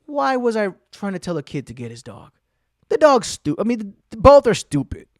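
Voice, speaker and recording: A man's voice: high-pitched, huge pitch swings, a little fast, a little mellow, dry recording, clean studio sound. A man hosting his own podcast, telling a rambling, heavily profane story and acting out what people said. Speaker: podcast host. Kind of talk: casual storytelling monologue.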